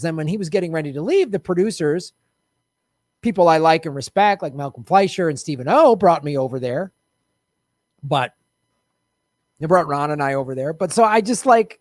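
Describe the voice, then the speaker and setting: In a clean, dry studio recording, a man with a slightly high voice rants about politics. He's a political commentator, sounding frustrated and sarcastic as his voice climbs in this monologue.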